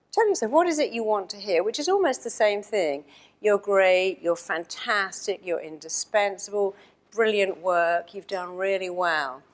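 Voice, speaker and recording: A woman with an English accent giving a storytelling keynote talk to an audience, animated and acting out the dialogue. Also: medium pitch. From England. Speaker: motivational speaker. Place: stage before an audience.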